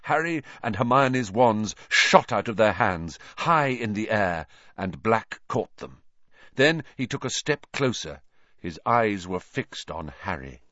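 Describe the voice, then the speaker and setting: A man narrating an audiobook with a dramatic, lively reading. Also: on the low side, slow, no echo, highs cut off.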